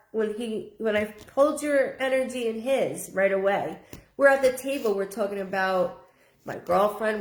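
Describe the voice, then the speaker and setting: Woman medium, earnest, repeats herself; live reading in a reverberant room. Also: fairly high pitch. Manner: earnest, repeats phrases, relays a spirit's words in first person. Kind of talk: live-stream spirit reading.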